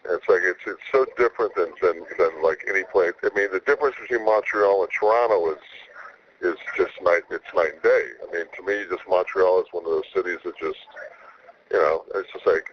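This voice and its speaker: A man's voice: low voice, fairly quick. A man talking casually as a guest in an interview, laid-back and rambling, with many stammered restarts. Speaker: wrestler guest. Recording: slightly muffled radio audio with faint hiss.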